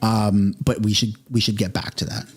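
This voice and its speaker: A man's voice: lowish voice, flat delivery, moderate pace, breathy edge. A man from Canada, hosting a livestream, reading out viewer comments and rambling through opinionated asides with a chuckle. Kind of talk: casual political livestream commentary.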